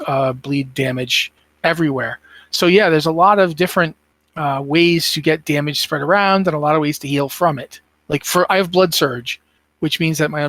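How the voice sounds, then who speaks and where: A man's voice: on the high side, fairly bright tone, no echo. Tired, rambling man on a dry mic. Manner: rambling, thinks aloud with many fillers. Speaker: podcast co-host. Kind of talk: casual gaming podcast chat.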